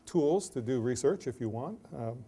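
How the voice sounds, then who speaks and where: A middle-aged man giving an academic lecture, joking and self-deprecating, with brisk asides and anecdotes. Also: mid-range voice, animated, dark tone, slightly rough.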